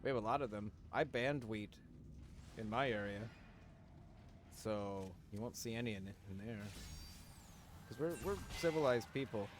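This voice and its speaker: A man's voice: on the low side, normal speed, long pauses, background noise. A man streaming live, chatting casually with his viewers in a rambling, joking way, full of fillers, restarts and casual swearing. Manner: talks to chat, many fillers and restarts. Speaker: livestreamer.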